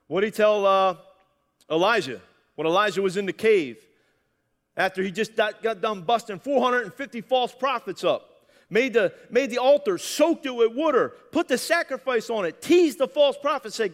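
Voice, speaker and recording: A man preaching a lively sermon, often calling out "amen" to the congregation. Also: sits high, moderate pace, in a large hall. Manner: animated, calls for "amen". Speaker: pastor.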